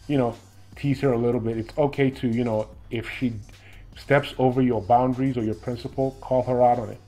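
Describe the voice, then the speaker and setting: A man's voice: mid-range voice, mellow. A man giving firm, instructive dating advice straight to the camera, often checking in with "okay?" and "right?". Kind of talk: direct-to-camera advice monologue.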